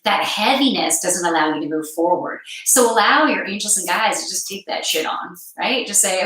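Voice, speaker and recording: A woman guiding a live card reading and breathing session in a slow, soothing way, step by step. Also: on the low side, animated, fairly bright tone. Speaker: card reader and meditation guide. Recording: very echoey room.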